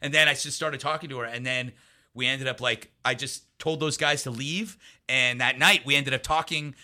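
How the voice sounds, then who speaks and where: A man's voice: medium pitch, steady tone, moderate pace, pushed and bright. A man as a guest in a casual interview, telling anecdotes in a rambling way with many restarts and asides.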